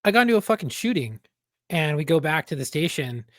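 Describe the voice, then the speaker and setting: A man with a voice on the higher side talks in a loose, casual podcast conversation. He is a former police officer who tells stories bluntly and swears a lot. The sound is close and dry, with no room echo. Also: very animated, a little fast. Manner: blunt, profane storytelling.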